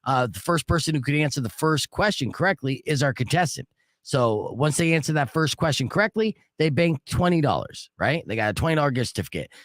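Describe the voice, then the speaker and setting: A man hosting a radio morning show, telling stories casually in a joking, animated way and running a call-in game. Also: fairly high pitch, fairly quick, dry recording, studio quality. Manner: animated, joking, acts out quoted voices. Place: radio studio. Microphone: studio microphone.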